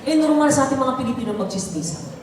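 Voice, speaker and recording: A woman's voice: high voice, lively intonation, racing. A woman with a Filipino accent doing bawdy live stand-up comedy, teasing the audience while performing ill. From Philippines. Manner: brash, teasing, bawdy banter with the crowd. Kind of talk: live stand-up comedy, mixing Tagalog and English. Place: large concert hall with a live audience. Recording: echoey hall recorded from far off, crowd noise. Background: audience laughter and hall ambience.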